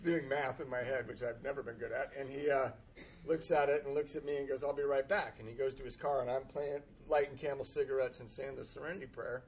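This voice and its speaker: A man's voice: mid-range voice, fairly even intonation, quick pace, slight background noise, rough recording. A man in recovery telling a humorous personal story, self-deprecating and laughing through it. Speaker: recovering alcoholic sharing his story.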